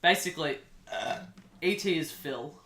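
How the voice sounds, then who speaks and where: A man's voice: on the high side, normal speed. Young man rambling a made-up story. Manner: rambling, deadpan improvised storytelling. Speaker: podcast co-host. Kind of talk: casual comedic chat. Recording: echoey room.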